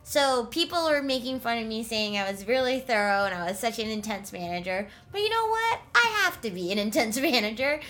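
A woman co-hosting a podcast in casual chat, loud and animated, laughing often. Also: on the high side, brisk, hardly any pauses. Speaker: podcast co-host.

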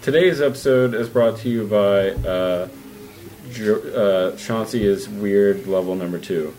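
A man co-hosting a casual podcast, teasing his partner with laid-back, deadpan banter. His voice sits somewhat low. He talks in an easy, unhurried way. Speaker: podcast co-host. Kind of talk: casual chat.

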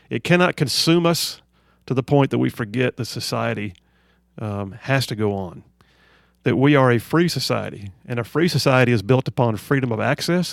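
Gravelly-voiced male talk radio host. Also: mid-range voice. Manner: emphatic, repeats phrases for emphasis. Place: radio studio. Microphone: studio microphone.

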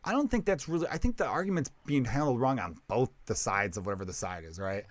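A man's voice: mid-range voice, expressive, fast, dry recording. A man who is a comedian, hosting a casual podcast chat, rambling and swearing as he trips over his own sentences. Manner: rambling, profane, self-interrupting.

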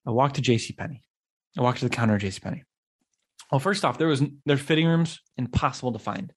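A man's voice: mid-range voice, a little fast, a little mellow. A young man, hosting a podcast and telling a story on his own, casually, acting out the quotes and swearing when annoyed. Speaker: podcast host.

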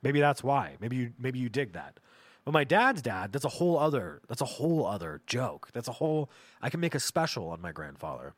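A man's voice: mid-range voice, sing-song, fairly quick, no room sound. A man hosting a comedy podcast, telling rambling, profane stories about his family. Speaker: podcast host. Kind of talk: comedic storytelling monologue.

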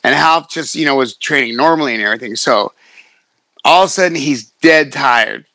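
A middle-aged man, a fighter, telling stories in casual chat, profane and animated, acting out quotes. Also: mid-range voice, fairly quick, dry recording. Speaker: guest, fighter.

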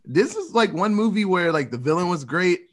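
Male podcast host, loose and rambly, a bit high-pitched. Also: lively intonation, a little fast. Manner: rambling, swears freely, lots of "like". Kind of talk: casual movie review chat.

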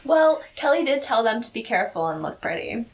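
Chatty woman co-host, a little high. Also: sing-song, fairly quick, recorded from a distance. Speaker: podcast co-host. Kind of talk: casual recap chat.

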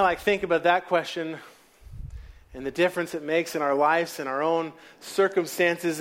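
A man preaching a sermon, telling stories and dropping to quiet asides. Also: a little high.

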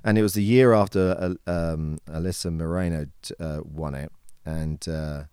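A friendly British man with a very deep, smooth voice. He talks in an easygoing way in a casual interview, his sentences often trailing off quietly. The sound is close and dry. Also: steady tone, normal speed, dry recording. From England. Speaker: songwriter and producer guest.

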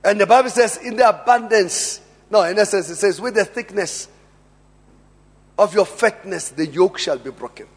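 A South African man preaching a sermon in a large church hall, emphatic, with quiet asides and sudden loud bursts. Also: high voice, moderate pace, breathy edge. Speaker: pastor. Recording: long reverb of a church hall.

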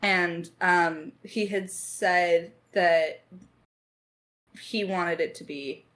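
A woman's voice: on the low side, fairly even intonation, drawn-out words, fairly bright tone. A woman co-creating a podcast, recounting how an idea came about in loose, chatty talk full of ums and likes. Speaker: podcast co-creator answering fan questions. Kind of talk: casual Q&A chat.

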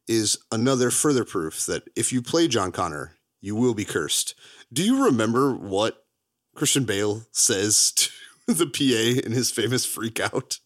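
A man co-hosting a podcast, chatting casually about movies, laughing often and jumping high in pitch for emphasis. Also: a bit bright. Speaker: podcast co-host.

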